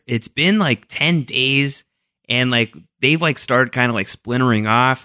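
A man playing in a tabletop role-playing game, joking and bantering in an animated way. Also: mid-range voice, a little slow, no room sound, studio quality. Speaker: player. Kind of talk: casual tabletop game chat.

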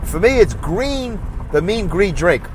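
A man hosting a casual solo podcast from his car, reading listener comments in a high, nasal, self-mocking, chatty way. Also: big pitch swings, unhurried, slight background noise. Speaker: podcast host.

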